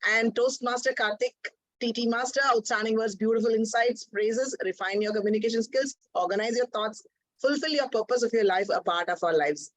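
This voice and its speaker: A woman giving a brisk grammar report at a club meeting, listing words and correcting usage over a video call. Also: a little high, dry recording, poor audio.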